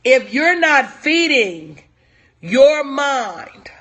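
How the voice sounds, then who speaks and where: A woman's voice: sits high, big pitch swings, drawn-out words, fairly bright tone. A woman life coach giving a motivational talk on a live stream, repeating lines for emphasis and calling out viewers by name. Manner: talks to viewers in chat by name.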